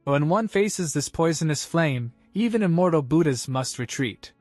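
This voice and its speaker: A man's voice: a little high, lively intonation, normal speed, a little mellow, no room sound, soft background music, pitched above the performer's own voice. A man voicing a grave young woman who explains a danger.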